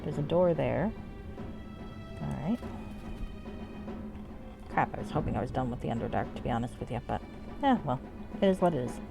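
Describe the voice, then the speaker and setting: A woman's voice: extremely low pitch, animated, normal speed, creaky, pauses often. A woman streaming a game, chatting casually and swearing freely. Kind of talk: casual let's-play commentary. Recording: game music behind.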